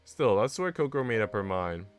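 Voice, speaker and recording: A man streaming, reading a visual novel aloud in an animated way with asides. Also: fairly low pitch, brisk. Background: faint game music.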